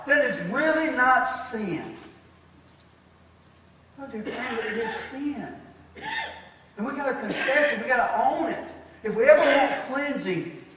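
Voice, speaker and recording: A man preaching a folksy, emphatic sermon as pastor, slowing down to stress key phrases. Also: extremely high pitch, a bit bright. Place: church sanctuary. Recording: echoey hall from far off.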